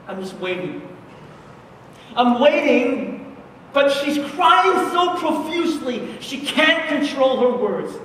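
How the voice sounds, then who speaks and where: High-voiced impassioned preacher in echoey hall. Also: male voice, recorded from a distance, slight background noise. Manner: slow, impassioned storytelling, swinging between loud and hushed. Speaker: pastor. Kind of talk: sermon at a conference. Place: large conference hall.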